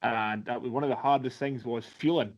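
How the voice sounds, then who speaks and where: A man's voice: mid-range voice, fairly even intonation, brisk. A man hosting a podcast, chatting in a rambling way with casual swearing and fillers. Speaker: podcast host. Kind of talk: casual chat. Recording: slightly dull lo-fi sound.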